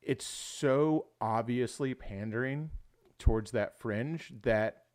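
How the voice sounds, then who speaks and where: Man, young adult, livestream host, casual rambling chat, frequent swearing, middle pitch. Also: takes it slowly, a little mellow. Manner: rambling, swears often, says "dude" a lot.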